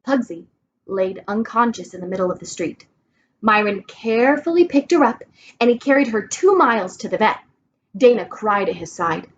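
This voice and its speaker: A woman reading a children's storybook aloud, clear and expressive. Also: medium pitch, normal speed, lo-fi sound, slight background noise. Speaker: reader.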